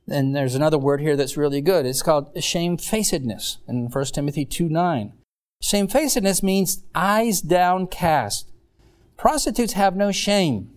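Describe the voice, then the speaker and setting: A man preaching a sermon, telling stories in a rambling, animated way with many restarts. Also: high voice. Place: congregation in Mexico.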